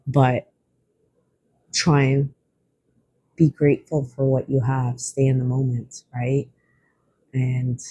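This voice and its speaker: Oracle reader, reassuring and unhurried, dark husky voice, close dry sound. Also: medium pitch, dry recording. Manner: gentle, reassuring, slightly rambling. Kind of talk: spiritual oracle card reading.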